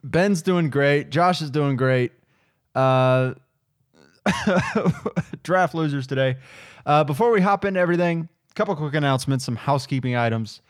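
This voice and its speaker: A man's voice: a little high, normal speed, pauses often, dry recording, clean studio sound. A man hosting a podcast in casual chat, laughing easily and rambling a bit. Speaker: podcast host.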